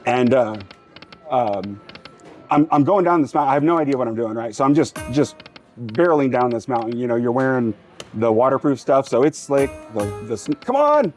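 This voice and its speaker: A man in a casino tells a long, meandering story while playing a slot machine. His voice sits at an ordinary middle pitch. He keeps breaking off to cheer the machine on, and faint music plays behind him. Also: brisk, darkish tone. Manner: rambling, self-interrupting, urges the machine on. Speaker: slots channel host. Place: casino floor.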